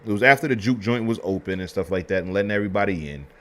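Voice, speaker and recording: A man's voice: low-pitched, very fast, a bit bright. A man hosting a history show, reviewing a film in loose, casual talk full of slang, fillers and restarts.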